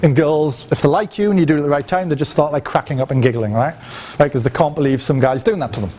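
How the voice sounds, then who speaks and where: A man's voice: a little high, fast talker, mellow, slight background noise. A man teaching a casual, profane seminar to a live audience, peppering his talk with "right?" and demonstrating as he speaks. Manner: loose, chatty and profane, with frequent "right?" tags and physical demonstrations. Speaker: dating coach teaching a seminar.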